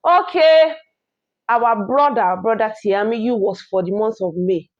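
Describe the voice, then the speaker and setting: A woman's voice: fairly high pitch, unhurried. A woman with a Nigerian accent, a vlogger, opening her channel with chatty, opinionated commentary. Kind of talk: reaction commentary. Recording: dull lo-fi recording.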